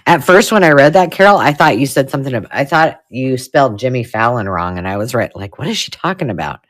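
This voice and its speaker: A middle-aged woman hosts a live unboxing of vintage paper for her craft channel, gushing excitedly over each find in a lively voice that swoops high and low. She talks fairly quickly, drifting between chatty enthusiasm and hushed, awed whispers.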